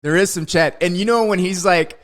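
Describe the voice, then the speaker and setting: A man in casual movie talk on a podcast, animated and laughing often. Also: high voice, brisk. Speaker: podcast panelist.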